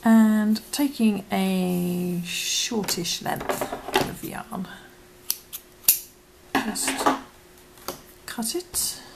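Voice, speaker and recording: A woman teaching crochet step by step, talking softly and often dropping to a whisper while she works, as if losing her voice. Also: mid-range voice, steady tone, drawn-out words, creaky, very noisy. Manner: soft, half-whispered instructions while working. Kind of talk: step-by-step craft tutorial.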